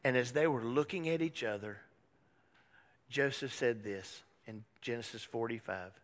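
A male pastor telling a story in a sermon, swinging dramatically from loud to a hushed whisper. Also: medium pitch, normal speed, long reverb tail.

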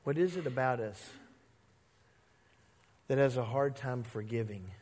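A pastor delivers a sermon in a conversational, animated way, acting out characters' voices and coaxing the congregation to repeat words after him. His voice sits at medium pitch and he takes his time, with a long reverb tail trailing each phrase.

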